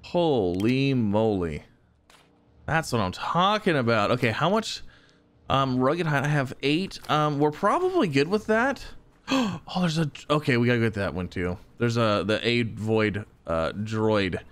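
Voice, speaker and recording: Chuckling as he goes, this young man talks right to the enemies he's battling. He's a gaming YouTuber doing lively let's-play commentary in a medium-pitched voice.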